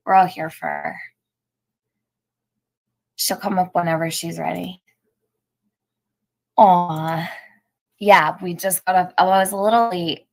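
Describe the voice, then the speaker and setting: A woman's voice: on the low side, expressive, slow pace, long pauses. A woman hosting a live stream, chatting casually with viewers and reading out their comments, laughing often.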